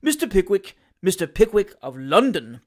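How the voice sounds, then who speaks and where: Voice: medium pitch, sing-song, moderate pace. A reader voicing a pompous, meek middle-aged male newspaper editor who speaks up eagerly and fawningly in a storybook reading. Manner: eager, fawning, raised and louder than the narration.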